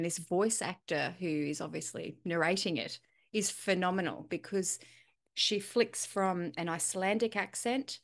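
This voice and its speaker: A woman hosting a casual podcast, chatty and quick to laugh. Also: fairly low pitch. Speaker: podcast host.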